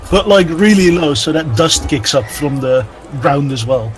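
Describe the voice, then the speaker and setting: A man with a slightly higher voice plays a tabletop game in a relaxed, casual way, often restarting his sentences. Faint music plays in the background. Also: normal speed, poor audio. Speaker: player.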